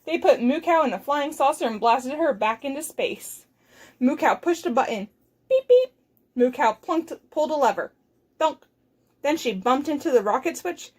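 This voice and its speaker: A children's librarian reads a picture book aloud, telling the story expressively and enunciating clearly. Her voice sits high and she speaks at a normal speed.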